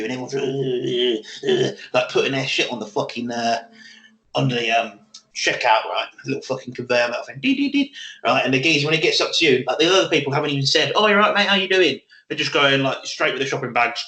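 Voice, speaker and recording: A man's voice: medium pitch, fairly even intonation, fast talker, pushed and bright, echoey room, rough recording. A man, co-hosting a casual podcast chat and telling rowdy stories between laughs, with plenty of swearing. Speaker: podcast co-host.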